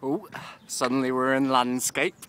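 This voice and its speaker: A man's voice: mid-range voice, normal speed, very noisy. A man, rambling casually in a video diary and often laughing. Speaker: vlogger.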